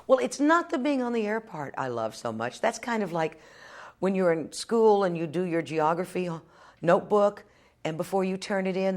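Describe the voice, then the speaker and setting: A woman's voice: lowish voice, lively intonation, moderate pace. A woman in her fifties from Texas, a television journalist answering interview questions as a plainspoken, wry storyteller.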